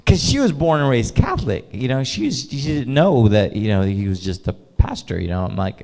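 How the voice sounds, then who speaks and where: A male pastor telling a personal story in a sermon, animated and casual, laughing often and filling gaps with "you know". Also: mid-range voice, a little fast, gravelly, hardly any pauses.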